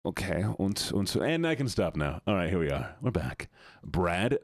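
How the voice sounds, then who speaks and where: A male streamer talking to his chat on a live stream, teasing and playful, switching between put-on accents and goofy voices. His voice sits a little low but swings widely up and down. The sound is close and dry, with no room echo. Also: big pitch swings, moderate pace. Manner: playful, jokey, keeps slipping into put-on accents and silly voices. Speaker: livestreamer.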